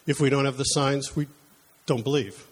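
A man's voice: medium pitch, fairly even intonation, moderate pace, husky. A middle-aged man preaching a conversational sermon, telling personal stories in a chatty, self-deprecating way.

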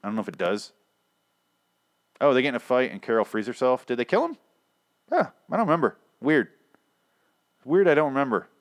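A man's voice: mid-range voice, big pitch swings, brisk, pauses often, no room sound, studio quality. A man giving a casual, profane episode recap, rambling and sarcastic, acting out the scenes as he goes. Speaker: TV show recapper.

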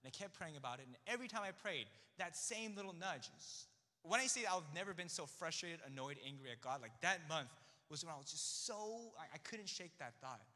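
A young man recounts a personal testimony in a chatty, storytelling way, slipping into the voices of the people he quotes. His voice is bright and sharp, a little high, and it swings widely in pitch. It carries a long hall reverb behind it. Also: fairly quick. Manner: animated, chatty, acts out quoted dialogue. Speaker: speaker sharing a testimony.

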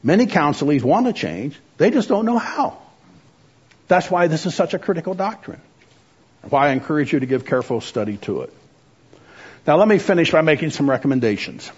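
Man lecturing, husky voice, earnest and urging, muffled lo-fi recording. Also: on the high side, very animated, fairly quick, a little mellow. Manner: earnest, exhorting, with frequent "uh" fillers. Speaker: biblical counseling teacher.

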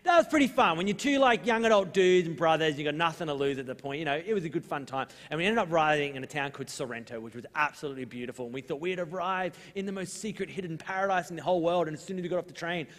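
A young adult man with an Australian accent, preaching a sermon as pastor in a relaxed, storytelling way with lively asides. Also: a little high, racing, hardly any pauses. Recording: long hall reverb.

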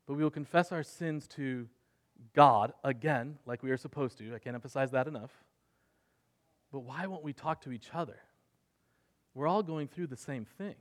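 A man preaching a sermon in an earnest way, moving between soft, quiet passages and louder emphatic ones. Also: medium pitch, normal speed, long pauses. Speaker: pastor.

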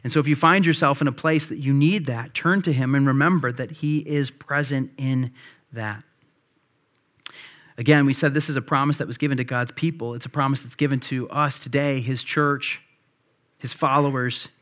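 A man's voice: medium pitch, steady tone, normal speed, a bit bright. Conversational male pastor preaching. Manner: conversational storytelling with many fillers. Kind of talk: sermon.

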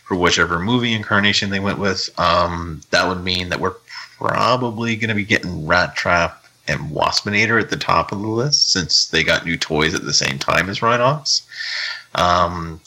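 A Canadian man hosting a podcast, chatting casually and reading out news in a relaxed, rambling way with many fillers. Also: low-pitched, normal speed, poor audio. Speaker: podcast host.

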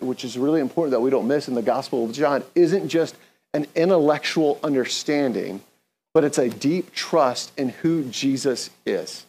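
A man's voice: mid-range voice, a little mellow. A man preaching an earnest, conversational sermon, leading the congregation in call-and-response. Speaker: pastor.

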